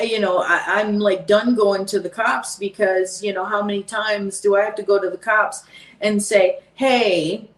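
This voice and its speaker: A woman's voice: medium pitch, fairly bright tone. Heated woman talking in an echoey room. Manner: emphatic, repeats herself, heated. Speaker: podcast guest. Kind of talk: casual podcast chat. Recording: echoey room, distant from mic.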